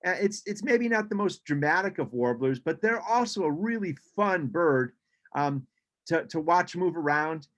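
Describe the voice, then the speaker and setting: A man's voice: a little high, lively intonation, normal speed, fairly bright tone. Chatty man giving a birding talk. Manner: chatty, frequent ums and restarts. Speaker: birding presenter. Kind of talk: casual slideshow talk over video call. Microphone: video call.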